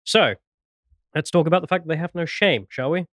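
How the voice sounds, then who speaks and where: A man's voice: fairly high pitch, brisk, fairly bright tone, no room sound, studio quality. A young British man hosting a casual podcast, chatty and self-mocking, often laughing at himself. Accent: British English. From Britain. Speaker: podcast host.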